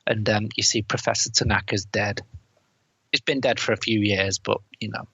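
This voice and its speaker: A man's voice: fairly low pitch, fairly even intonation, moderate pace, vocal fry, a bit bright, husky, no room sound. A man co-hosting a podcast who retells a film's plot in casual chat, laughing and quoting lines as he goes. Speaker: podcast co-host. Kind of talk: casual film review chat. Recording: dry, dull lo-fi podcast mic.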